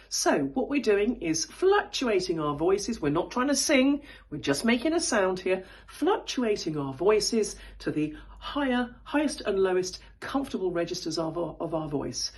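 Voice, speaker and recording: Woman, public speaking coach, husky voice, lively pitch swings, spoken lesson. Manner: demonstrates high and low pitch while explaining; thoughtful, with frequent fillers and restarts.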